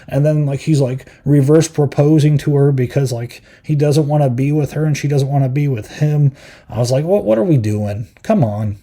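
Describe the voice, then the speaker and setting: A man's voice: medium pitch, dark tone. A man hosting a podcast, giving a rambling, filler-heavy review in casual chat, exasperated and given to acting out quotes in mocking voices. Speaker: podcast host.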